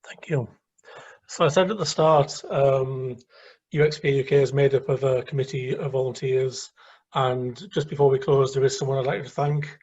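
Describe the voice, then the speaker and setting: Husky-voiced man hosting an online meetup. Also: mid-range voice, fairly even intonation, moderate pace, a little mellow, muffled recording. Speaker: event host.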